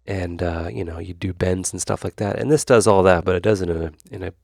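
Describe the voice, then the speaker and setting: A man's voice: sits low, fairly even intonation, a little fast, vocal fry, a little mellow, no room sound, clean studio sound. A man hosting his own channel, walking through a synth demo in a loose, rambling way, full of fillers and side remarks. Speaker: YouTube host. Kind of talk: casual synth demo tutorial.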